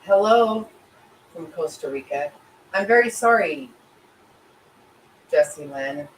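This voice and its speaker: A woman's voice: sits low, lively intonation, takes it slowly, reverberant, distant mic, low-quality recording. A middle-aged woman hosts a casual livestream, answering viewers with emotional, sympathetic rambling full of restarts. Her voice sits a little away from the mic. A faint ambient noise runs underneath. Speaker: livestream host reading chat.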